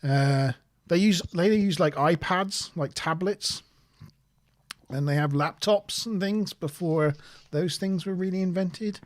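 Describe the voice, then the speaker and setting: A man with a West Country accent chats on a casual show, his voice sitting a little high for a man. He rambles and hesitates often, with a self-deprecating manner. The sound is dry and close, with no room echo. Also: slow. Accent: West Country English. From southwest England. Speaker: co-host. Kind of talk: casual podcast chat.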